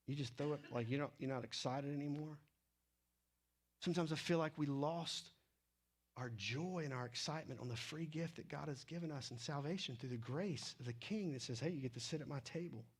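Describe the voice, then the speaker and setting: A man preaching a sermon in a casual, animated way, slipping into quick acted asides. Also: medium pitch, slightly rough. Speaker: pastor.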